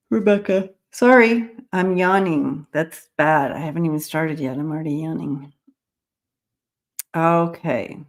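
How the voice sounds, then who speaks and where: A woman's voice: sits low, unhurried. A woman hosting a live stream, greeting viewers by name and talking casually with many fillers and restarts. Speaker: host of a live-stream psychic reading show.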